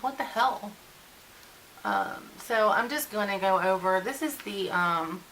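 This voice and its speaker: Bright-voiced woman in her forties venting. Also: mid-range voice, slight background noise, low-quality recording. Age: 40s. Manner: chatty, venting, conversational. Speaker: beauty vlogger. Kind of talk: casual get-ready-with-me chat.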